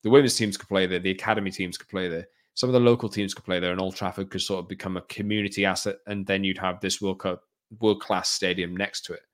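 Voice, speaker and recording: A man co-hosting a football podcast, laying out his points in a measured, explanatory way. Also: deep voice, steady tone. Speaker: podcast co-host. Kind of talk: casual football chat.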